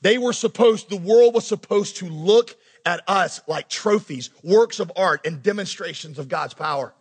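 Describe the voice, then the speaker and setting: A male pastor preaching a sermon, animated, acting out quoted characters as he goes. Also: sits high, normal speed, breathy edge, long reverb tail.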